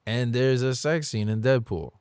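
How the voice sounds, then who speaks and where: A man's voice: mid-range voice, moderate pace, darkish tone, smooth, no room sound. A man speaking as a podcast guest in a candid faith conversation, earnest and confessional, at times emotional.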